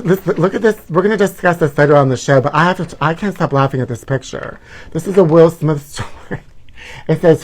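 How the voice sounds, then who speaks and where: A man's voice: a little high, a little mellow. A man hosting a campy celebrity gossip livestream, calling everyone honey and laughing at his own jokes. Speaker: host.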